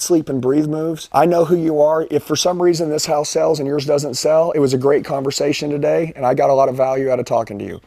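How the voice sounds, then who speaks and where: A man's voice: fairly high pitch, gravelly, warm tone, no echo. Pushy, reassuring salesman on a dry mic. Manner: pushy, reassuring, repetitive promises. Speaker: sales trainer on a live sales call. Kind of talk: persuasive phone sales pitch.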